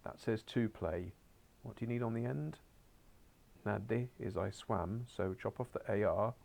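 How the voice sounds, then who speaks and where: A low-voiced man with a gravelly edge, teaching a beginners' class. He coaxes his pupils through the work, slipping in dry asides and dropping now and then to a muttered whisper. He sounds like he is standing in a school classroom. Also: measured pace, darkish tone. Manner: coaxing, wry asides, drops to muttered whispers. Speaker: Spanish teacher.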